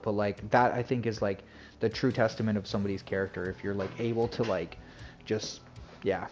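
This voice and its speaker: A man's voice: on the low side, normal speed, darkish tone, soft background music. A man chatting casually on his game stream, rambling and full of fillers and restarts. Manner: rambling, filler-heavy, self-interrupting.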